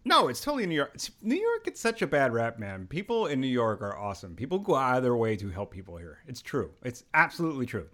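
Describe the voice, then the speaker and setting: A man hosting a podcast, telling animated stories in casual chat and laughing often. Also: mid-range voice, fast talker, few pauses. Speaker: podcast host.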